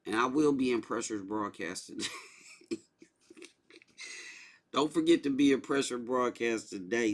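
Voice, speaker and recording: A man's voice: medium pitch, a little slow, pauses often. A man hosting a casual livestream, talking loosely and repeating his points. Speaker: livestream host.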